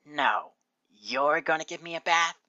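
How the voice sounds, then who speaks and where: A man voicing a cranky, tomboyish female pegasus pony in a fan fiction reading, gruff and defensive. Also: fairly high pitch, animated, unhurried, pushed and bright, no echo, muffled recording, voice pushed up, heavily acted. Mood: grumpy.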